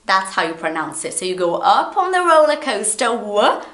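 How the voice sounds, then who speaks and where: Speaking to camera in an echoey room, a woman whose native language is Portuguese teaches English pronunciation with lively, playful energy. Her pitch is medium, and she says words slowly and repeatedly to show how they sound.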